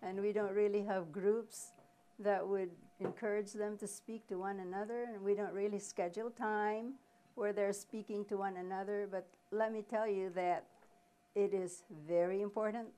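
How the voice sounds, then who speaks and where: A woman presenting a reading workshop, explaining slowly with pauses and asking questions, then answering them herself. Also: medium pitch, fairly even intonation, warm tone, slight background noise. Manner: slow, deliberate explaining with pauses. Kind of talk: live teaching workshop.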